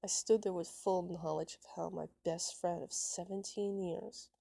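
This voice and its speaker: A woman reading a fan love story aloud, with a halting delivery full of restarts and stumbles. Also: on the low side, fairly even intonation, gravelly, warm tone, breathy edge, no echo.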